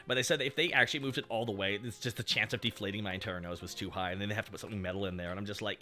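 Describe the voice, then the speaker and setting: A man's voice: lowish voice, rapid-fire, sharp tone. A man chatting casually and joking with profanity while he streams a game. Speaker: VTuber streamer.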